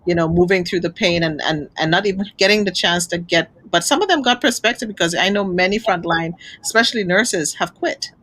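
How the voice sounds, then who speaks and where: A woman's voice: on the low side, brisk, few pauses, a bit bright, rough recording. A woman hosting an interview show, speaking in an effusive, emotional way. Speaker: host. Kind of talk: interview chat.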